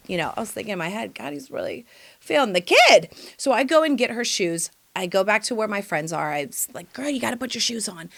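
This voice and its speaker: A woman in her forties hosts a podcast and tells a funny story from her life. She talks in a sassy, animated way, leans on "honey" and "girl", and her voice swings high and low. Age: 40s. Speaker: podcast host; mother and choreographer. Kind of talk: comic storytelling monologue.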